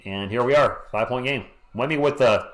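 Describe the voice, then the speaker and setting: A hoarse man hosting a live stream, calling a game play by play in a casual way and greeting chat viewers between plays. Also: medium pitch, fairly quick. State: hoarse, losing his voice. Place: home at night.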